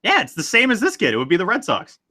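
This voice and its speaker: A man's voice: sits high, huge pitch swings, fast, pushed and bright. A man hosting a podcast, chatting casually and loosely with many fillers as he reads listener stories. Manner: loose and rambling, many fillers, laughs easily. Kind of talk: casual chat.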